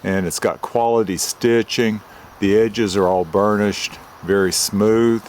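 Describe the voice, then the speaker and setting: An older man, a retired forester, gives a methodical show-and-tell review of a knife outdoors. He explains each detail slowly and plainly into a camera mic. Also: lowish voice, fairly even intonation, a little mellow, a little hiss or hum. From United States.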